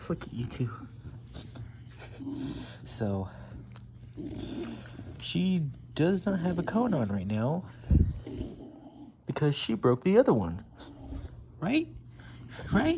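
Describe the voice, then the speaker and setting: Man baby-talking to his dogs. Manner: playful baby talk to dogs, voice jumping high. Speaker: dog owner filming his pets. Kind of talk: casual home video chat. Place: at home. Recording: home video with clear background noise.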